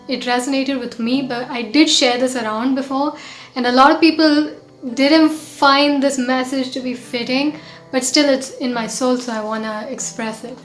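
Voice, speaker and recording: A woman hosting a storytelling talk as a mindfulness coach, earnest and conversational with frequent restarts. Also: a little high. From India. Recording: roomy echo, faint music.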